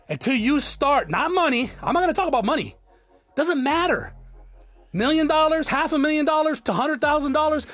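A blunt man with a high, fairly bright voice, from South Tucson, Arizona, works as an entrepreneur vlogger. He gives a profane, preachy motivational monologue to camera and addresses viewers as "guys."

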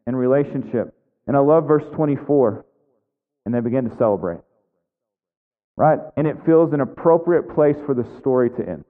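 A man preaching a conversational sermon, tossing in frequent "right?" asides and acting out the characters' lines. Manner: acts out biblical characters' lines with shifting pitch. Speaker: pastor. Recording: echoey hall over a thin phone-like line.

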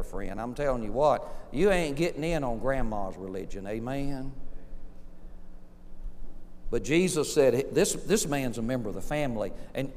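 A man preaching a sermon at middle pitch, swinging from hushed moments to loud, rising peaks. He calls out to the congregation for amens. His voice rings with the long reverb of a church hall. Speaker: pastor.

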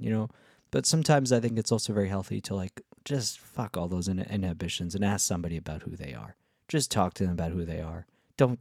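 A man's voice: lowish voice, gravelly, darkish tone, no room sound, clean studio sound. A man telling a travel story in a casual, rambling way, full of fillers and cheerful swearing. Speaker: travel vlogger.

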